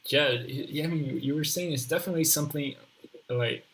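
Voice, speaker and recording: A man's voice: fairly high pitch, brisk, a little hiss or hum, rough recording. A man hosting a live online English session, talking casually with hesitant restarts and frequent "mm-hmm". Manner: hesitant, restarts, warm back-channel "mm-hmm".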